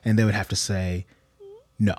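A man's voice: mid-range voice, lively intonation. A man in his thirties in casual conversation, stopping and restarting as he tells stories about his kids. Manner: halting, restarts, acts out dialogue with his kids. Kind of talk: casual chat.

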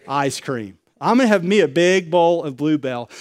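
A man preaching a sermon, confessional and personal, acting out conversations, swinging between loud excited bursts and quiet low remarks. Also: fast talker, hardly any pauses. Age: adult, married with young children. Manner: acts out dialogue in quoted voices. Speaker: pastor.

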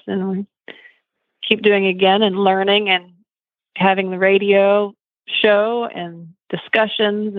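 A woman's voice: medium pitch, no room sound. Woman on a tinny phone line. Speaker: guest dressage judge and trainer. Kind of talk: casual radio show chat.

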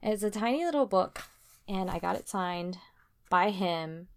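Chatty young woman with a gravelly edge. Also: medium pitch, animated, measured pace. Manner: chatty, laughs often, rambling with fillers. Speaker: podcast co-host. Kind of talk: casual chat.

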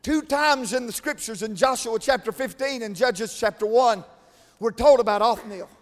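A man preaching a sermon, swinging between shouted, chanted climaxes and quiet, conversational asides. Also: very high-pitched, normal speed. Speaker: pastor. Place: large church. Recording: long reverb of a church hall.

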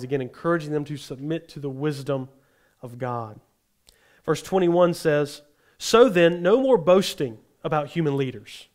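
Man preaching a sermon, reading scripture. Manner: reads scripture aloud, then explains it plainly; acts out the tone of the quoted verses, rising in pitch. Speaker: pastor.

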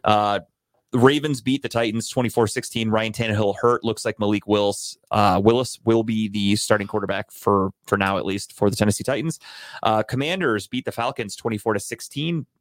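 A man's voice: on the low side, a little fast, no echo, studio quality. A man co-hosting a podcast, rambling and swearing as he chats through the week's football results. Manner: profane, rambling. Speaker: podcast co-host. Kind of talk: casual sports chat.

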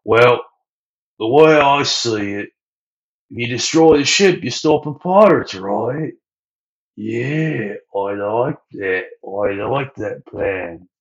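A man's voice: mid-range voice, expressive, slow pace, pauses often, voice pushed up. A man voicing a carefree, easygoing young male pirate who talks in a laid-back, cocky way. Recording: dull lo-fi audio.

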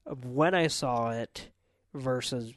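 A man chatting on a podcast, rambling and hesitant, starting over often and swearing now and then. His voice sits at a middle pitch. The recording is dry, with no room sound. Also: slow pace, dry recording. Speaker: podcast co-host reviewer. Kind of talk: casual chat.

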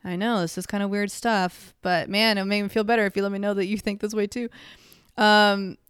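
Chatty woman rambling advice, says like a lot, pokes fun at herself, smooth clear voice, dry sound. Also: mid-range voice, flat delivery, fairly quick, dry recording. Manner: chatty, filler-heavy, self-mocking. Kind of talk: casual advice chat to camera.

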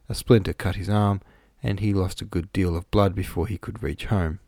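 A man narrating a classic novel in a steady, measured storytelling voice. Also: low voice, no room sound, clean studio sound. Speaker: audiobook narrator. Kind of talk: scripted narration.

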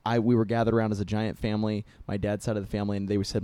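A man's voice: on the low side, level tone, very fast, dark tone, clear, resonant tone, dry recording. A middle-aged man hosting a casual podcast chat, talking in a chatty, joking way with lots of fillers. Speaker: podcast host.

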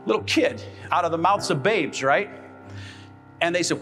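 A man's voice: high voice, expressive, unhurried, a bit bright, faint music behind. A man preaching a sermon as pastor, emphatic and calling out for responses from the congregation. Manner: emphatic, with call-and-response questions. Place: church sanctuary.

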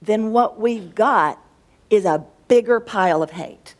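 A woman's voice: mid-range voice, a little slow. A woman who teaches school, talking casually about faith and thinking aloud as she searches for words. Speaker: schoolteacher and co-host.

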